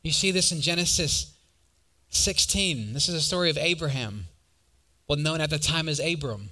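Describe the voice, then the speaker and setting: A young man preaching in a church, his voice bright and forward, sitting a little high for a man. He slips from scripture into lively stories and keeps asking the crowd for a show of hands. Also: normal speed. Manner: conversational, animated storytelling with audience questions. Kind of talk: sermon.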